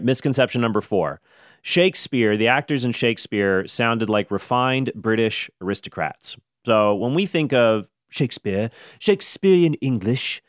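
A man's voice: medium pitch, lively intonation, normal speed, dry recording, clean studio sound. A man hosting a show, explaining history in casual, rambling commentary with jokes and frequent restarts. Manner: rambling, self-correcting, jokey. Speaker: host.

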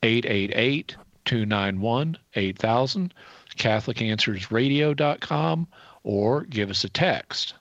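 A man's voice: medium pitch, lively intonation, fairly bright tone, no echo. Male co-host, earnest pledge appeal, dry, slightly muffled radio sound. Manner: earnest, measured, quotes scripture. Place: radio studio.

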